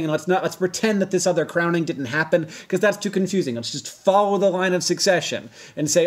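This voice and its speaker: A man in his thirties hosting a casual explainer video, talking in a rambling, self-correcting way with sudden emphatic jumps in pitch. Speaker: video host.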